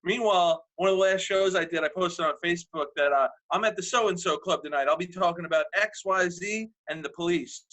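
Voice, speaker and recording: A male comedian co-hosting a podcast from the corner of a home basement, telling stories in a dry, deadpan way. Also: sits high, fairly quick, few pauses, low-quality recording. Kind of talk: casual podcast chat.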